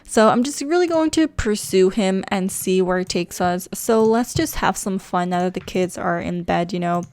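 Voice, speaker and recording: A woman giving casual let's play commentary, excitable and chatty, gushing about her game characters. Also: mid-range voice, normal speed, no echo.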